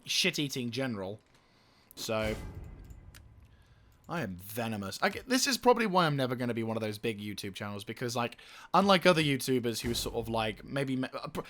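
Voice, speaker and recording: A young man with a bright, sharp voice talks through his strategy game. He swears freely and rants at the enemy, then drops back to muttering over menus. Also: mid-range voice. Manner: profane, ranting, venting frustration. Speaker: gaming YouTuber. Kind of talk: let's play commentary.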